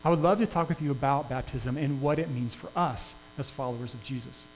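Speaking briskly in a mid-range voice, a male pastor delivers a sermon in an earnest, conversational style marked by frequent restarts. A faint hum and long reverb sit under the dull-sounding audio.

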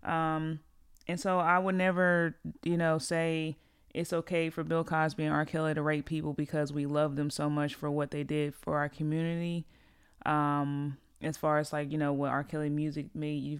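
A woman podcast host rants bluntly through a casual monologue, swearing freely and getting heated. Her voice is smooth and resonant. It is recorded dry and close, with no room sound. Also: low voice, no echo.

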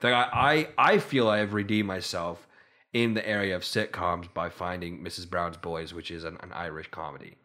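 A man's voice: sits low, normal speed, bright, forceful tone. A man from Canada co-hosting a casual podcast, telling stories in a rambling way with frequent restarts. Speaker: podcast co-host.

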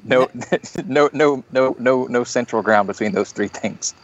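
A man co-hosting a sports podcast, full of playful sarcastic asides and quick laughs. His voice sits in a middle range, and the recording is slightly dull and muffled. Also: mid-range voice, slight background noise. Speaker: podcast co-host. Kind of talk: casual chat.

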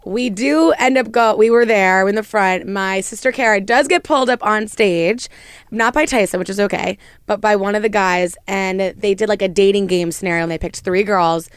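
A woman's voice: medium pitch, normal speed, smooth, dry recording, clean studio sound. A woman co-hosting a talk show, telling a long weekend story in a chatty way full of "like". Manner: chatty, lots of "like". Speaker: co-host. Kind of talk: casual storytelling chat.

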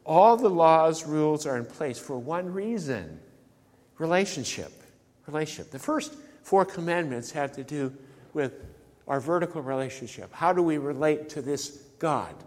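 A man preaches a sermon, his voice sitting a little high for a man. He talks in an easy, conversational way, often stopping to ask the congregation a question. The sound rings out with the long reverb of a church sanctuary. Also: expressive, moderate pace, darkish tone. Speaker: pastor.

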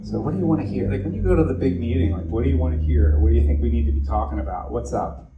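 A man's voice: mid-range voice, very fast, narrow, tinny audio. Man, pastor type, casual rambling delivery; distant mic, roomy echo. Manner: loose and chatty, many fillers and asides. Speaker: pastor leading a church meeting. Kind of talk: casual evening talk to a congregation. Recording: echoey room, distant mic, faint noise.

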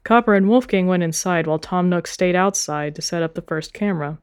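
A woman's voice: fairly low pitch, fairly quick, a little mellow, smooth. A woman hosting a podcast, reading a fan story aloud with playful, swearing asides.

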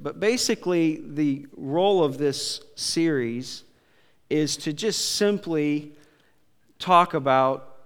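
Halting pastor preaching in a reverberant hall. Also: male voice, fairly high pitch, clean tone. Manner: casual, halting delivery with many fillers and restarts. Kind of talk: sermon.

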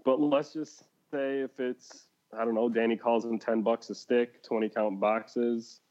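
A man's voice: mid-range voice, little pitch movement, measured pace, a little mellow, muffled recording. A man co-hosting a casual podcast, rambling with restarts and laughing often. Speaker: podcast co-host. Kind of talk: casual chat.

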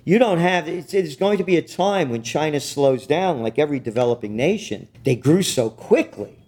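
A man's voice: on the high side, lively intonation, normal speed, a little mellow. A man co-hosting a political talk show, ranting with profanity and biting sarcasm. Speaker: co-host.

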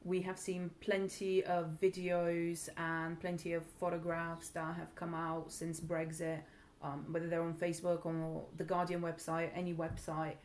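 A woman from Bulgaria with a blended British English accent, giving a personal account in an interview, hesitant and earnest with many pauses and restarts. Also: on the low side, completely flat delivery, darkish tone, slight background noise. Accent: blended British English, not quite English.

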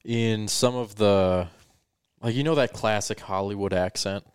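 A man with a low, smooth and resonant voice, chatting casually and explaining at an easy pace. The sound is dry and close to the mic. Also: measured pace, no echo. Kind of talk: casual chat.

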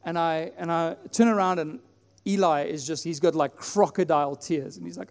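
A man from South Africa preaching a sermon in a church, telling a personal story and acting out his own prayers with animated delivery. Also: fairly high pitch, moderate pace, creaky. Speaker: pastor. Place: church hall. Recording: long hall reverb, faint music.

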